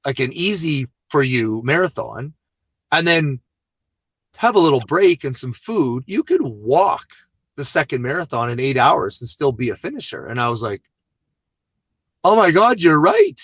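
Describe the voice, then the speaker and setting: A man telling his story on an interview show, lively and a little self-deprecating. His voice sits at an ordinary middle pitch. The room is dry, with almost no echo. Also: moderate pace, slightly rough. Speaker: guest.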